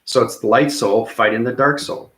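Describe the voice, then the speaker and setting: This spiritual vlogger speaks at medium pitch with a steady, fairly bright tone and a moderate pace. His rambling monologue is intense and earnest, and he checks in with viewers by asking "okay?" and "right?" again and again.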